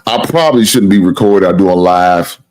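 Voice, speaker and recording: Deep-voiced man rambling on a sports stream. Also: fairly quick, darkish tone. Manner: rambling, repetitive, plugs the channel, swears casually. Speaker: sports talk show host. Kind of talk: casual live-stream sports talk.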